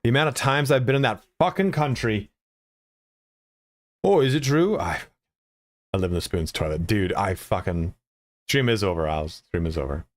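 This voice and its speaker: A man's voice: deep voice, lively intonation, normal speed, dry recording, studio quality. A man chatting casually and profanely with viewers as a game streamer, rambling with lots of filler words.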